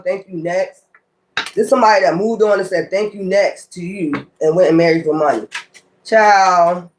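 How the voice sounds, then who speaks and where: A man's voice: high voice, a little hiss or hum. A man doing a casual tarot reading, talking straight to his viewers, cursing often and laughing between cards. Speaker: tarot reader.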